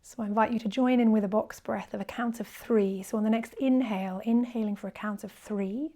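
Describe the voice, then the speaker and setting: A woman teaching a guided yoga class, gentle and encouraging, often dropping to a soft near-whisper while counting breaths. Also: medium pitch, fairly even intonation, brisk. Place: indoors, quiet room with birds faint outside.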